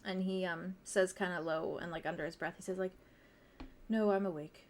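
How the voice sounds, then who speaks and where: A woman's voice: lowish voice, little pitch movement, fairly quick, slight background noise. A woman narrating a tabletop game as game master, casual and chatty, with lots of fillers and frequent laughter.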